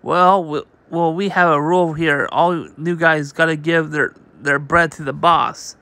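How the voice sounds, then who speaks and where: A man's voice: fairly high pitch, fairly even intonation, measured pace, pushed and bright, dry recording. A man doing a taunting prison bully. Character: gruff male prison inmate bullying a newcomer.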